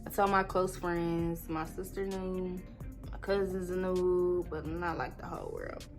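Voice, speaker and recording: A woman's voice: fairly low pitch, fairly even intonation, measured pace, soft background music. A woman in her twenties telling an emotional story on her vlog. She talks tearfully, laughs through the tears and rambles with many fillers. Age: 20s. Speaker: vlogger.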